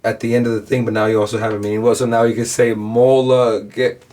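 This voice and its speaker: Fast and level-toned, this young reaction video host has a medium-pitched, darkish voice. He dissects rap wordplay in a loose, rambling way, repeating himself and filling his talk with "bro" and "like."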